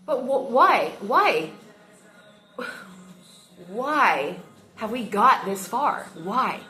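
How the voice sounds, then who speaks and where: A woman's voice: fairly high pitch, sing-song, very slow, sharp tone, faint music behind. A woman venting heatedly into her phone camera, swearing often as she talks. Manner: heated and emotional, frequent swearing. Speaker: vlogger. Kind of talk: casual rant to camera.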